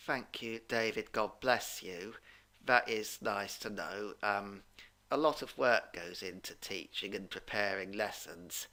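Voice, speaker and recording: A man teaching English in an online question-and-answer session, explaining in a measured, formal way over a video call. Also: on the low side, sharp tone.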